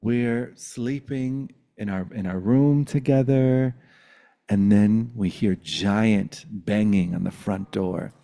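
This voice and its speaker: Man in his 40s, low slow mellow voice, reflective storytelling over a video call. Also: creaky. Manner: reflective, meditative, laughs often.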